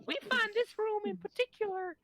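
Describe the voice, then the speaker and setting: A woman voicing a chatty horde of tiny spore creatures that ramble excitedly and swear. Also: very high voice, moderate pace, pitched above the performer's own voice. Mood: giddy.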